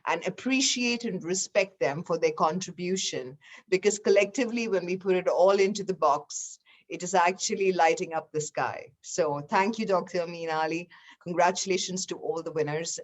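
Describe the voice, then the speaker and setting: A woman who is a co-organizer, giving a measured, uplifting speech over a video call. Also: lowish voice. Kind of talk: formal speech.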